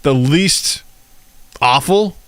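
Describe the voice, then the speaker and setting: Podcast dude riffing on dumb stuff, pitch all over, dry close sound. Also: male voice, lively intonation, very slow, fairly bright tone, no echo. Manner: loose, joking, rambling advice. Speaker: podcast co-host. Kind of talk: casual podcast chat. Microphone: podcast mic.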